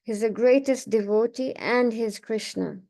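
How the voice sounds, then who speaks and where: A woman's voice: fairly high pitch, unhurried, vocal fry, mellow. A woman speaker retelling a scripture story in a reading class, conversational with many fillers and restarts.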